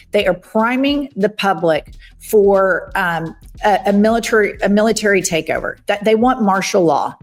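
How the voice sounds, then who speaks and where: A woman podcast host giving emphatic, urgent political commentary. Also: medium pitch.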